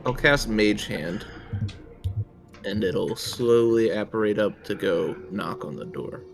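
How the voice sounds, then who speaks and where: A man's voice: lowish voice, lively intonation, slow, vocal fry, soft background music. A man playing a tabletop role-playing game, joking and hesitating with fillers. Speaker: player. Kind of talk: casual tabletop game chat.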